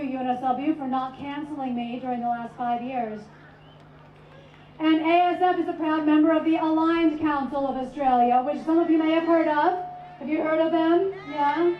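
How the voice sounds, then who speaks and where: A woman professor born abroad giving a measured, articulate speech to a rally crowd. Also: high-pitched, slight background noise. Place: outdoor rally over loudspeakers. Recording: echoey distant lo-fi rally sound.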